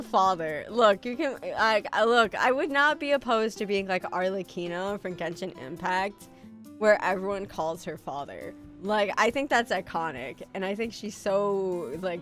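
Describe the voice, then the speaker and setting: A woman VTuber chatting with her stream audience, her pitch leaping around animatedly as she talks. She is casual, profane and self-mocking, reading and answering chat as she goes. Soft music plays faintly behind her. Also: lively intonation, a little slow.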